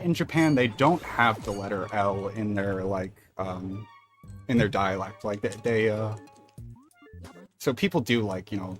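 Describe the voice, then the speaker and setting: A man streaming a speedrun, chatting casually and rambling, with casual swearing between thoughts. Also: lowish voice. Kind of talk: casual chat while gaming.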